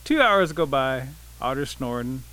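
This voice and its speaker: Male storyteller, bright, forceful voice; relaxed oral telling of a folk tale. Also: mid-range voice, measured pace, low-quality recording. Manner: relaxed, vivid scene-setting.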